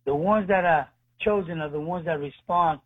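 A guest ministry leader recounts his testimony of faith on a tinny phone connection, his voice fairly high and breathy at a moderate pace. Earnest throughout, he performs the conversations he retells in different voices.

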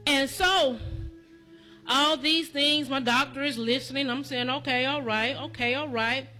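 A woman's voice: sits high, fairly even intonation, a little slow, pushed and bright, faint music behind. A woman preaching a testimony sermon as a church elder. She speaks to the congregation directly, repeating her lines in a rhythmic preaching cadence.

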